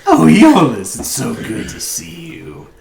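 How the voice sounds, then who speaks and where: Man doing a huge old orc shopkeeper, cheerful, chatty, doting, a bit higher voice, distant roomy sound, background hiss. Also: wildly swooping pitch, unhurried, vocal fry, full character voice. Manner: warm, chatty, fussing over customers.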